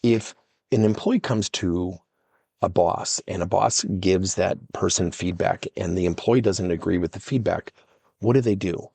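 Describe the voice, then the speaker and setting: A man's voice: low voice, unhurried, gravelly, breathy edge, dry recording. A middle-aged man, a workplace coach and podcast host, telling stories and acting out the dialogue. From United States. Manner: animated, acts out dialogue in stories. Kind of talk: storytelling coaching talk.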